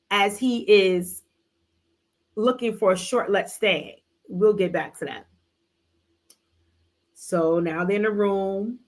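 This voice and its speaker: Animated woman host recapping a book. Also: medium pitch. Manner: animated, slangy retelling with playful asides. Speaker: book club livestream host. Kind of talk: casual book recap chat.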